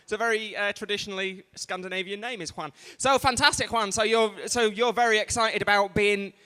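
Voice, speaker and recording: A man's voice: high-pitched, fairly even intonation, brisk, pushed and bright, clear, resonant tone. A man compering a live award ceremony on a stage microphone, doing crowd work with sweary, self-deprecating banter. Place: large hall at a live event. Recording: live stream from a reverberant hall.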